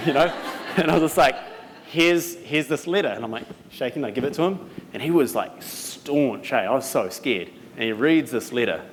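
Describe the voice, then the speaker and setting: A young man from New Zealand with a New Zealand accent, giving an animated storytelling talk at a live event, laughing as he goes. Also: mid-range voice, fairly quick. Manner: animated, laughing as he tells stories. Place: event venue. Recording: reverberant hall, some noise.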